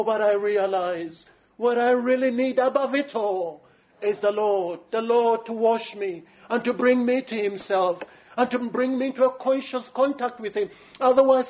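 A man preaching a sermon in an earnest, pleading way, with frequent restarts and fillers. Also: sits high. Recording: muffled lo-fi sermon recording.

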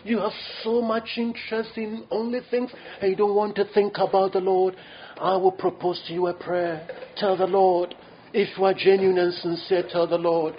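Male preacher, high voice, pleading and earnest, slightly dull lo-fi recording. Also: flat delivery, normal speed, a little hiss or hum. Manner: earnest, pleading, with frequent restarts and fillers. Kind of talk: sermon. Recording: muffled lo-fi sermon recording.

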